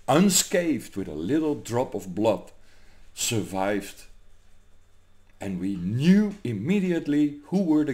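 A man from Germany, delivering an angry, profane political rant to camera, swinging between loud outbursts and low, menacing muttering. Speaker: vlogger.

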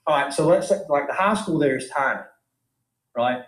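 A man's voice: fairly high pitch, moderate pace. A man with a Southern US accent lecturing a philosophy class in a conversational way, often checking in with "right?". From Georgia, US. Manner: conversational, keeps asking "right?". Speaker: philosophy teacher. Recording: echoey classroom.

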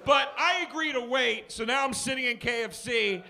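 A man performing a stand-up comedy set in a club, telling a story with shouted punchlines and acted-out characters, with the audience laughing. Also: very high voice, moderate pace, creaky. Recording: live club recording with crowd noise.

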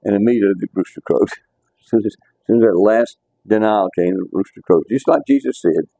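Low mellow guy teaching bible class, casual, keeps restarting his sentences. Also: a little fast, gravelly, no echo. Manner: conversational, repeats words as he restarts.

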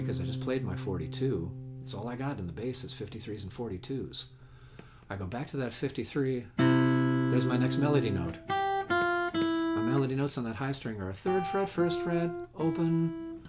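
On a casual webcast, a man teaches guitar in a folksy, chatty way, counting beats and humming notes while he plays. His mid-range voice is animated and at normal speed. It's recorded on a home webcast mic, with his own guitar playing behind him.

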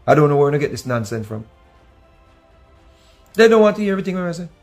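A man with a Jamaican accent talks with a lively, slightly raised voice, sliding between patois and English in casual commentary. He keeps it animated and now and then breaks into bits of song. Faint music sits low underneath him. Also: quick pace. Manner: animated, mixes Jamaican patois with English, sings snatches of songs.

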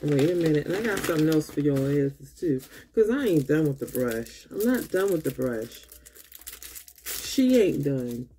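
A woman vlogging a makeup unboxing who gushes and talks straight to her viewers, tired and low on energy. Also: sing-song, normal speed, dark tone, a little hiss or hum. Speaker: beauty vlogger. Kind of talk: casual unboxing chat.

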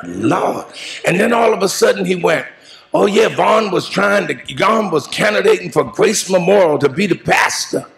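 A man preaching a funeral eulogy in a call-and-response style, moving into shouts and half-sung lines. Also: high-pitched, lively intonation, normal speed, vocal fry. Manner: preaching cadence, rising to shouts and sung phrases. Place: large church sanctuary.

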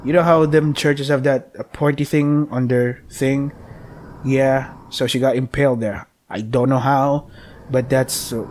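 A man's voice: mid-range voice, steady tone, measured pace, a little mellow, a little hiss or hum. A man casually commenting while playing a game, rambling and joking with frequent swearing. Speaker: let's play gamer.

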